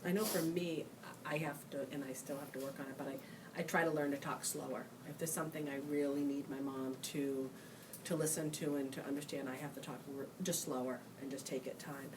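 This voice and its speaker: A woman with a low voice speaks on a discussion panel, earnest and quick-minded, with many fillers. She sits some way from the mic, and clear room noise comes through. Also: fairly even intonation, distant mic. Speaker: panelist, child of a brain injury survivor.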